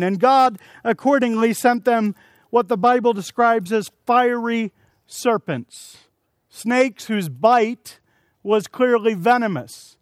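A man preaching an evening sermon, telling stories and acting out quotes in a lively, animated way. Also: very high voice, no echo. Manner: storytelling with acted-out quotes and shouted asides.

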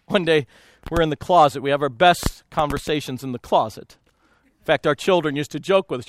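A pastor gives an animated storytelling talk, laughing often and acting out the voices of the people in his stories. His voice is high-pitched and gravelly, at a moderate pace, and the recording is dry.

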